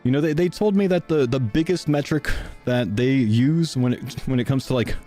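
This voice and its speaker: A man's voice: mid-range voice, normal speed, mellow, soft background music. A young man live-streaming a sponsor read, out of breath and chatting casually to his viewers. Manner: casual, chatty, talks to chat.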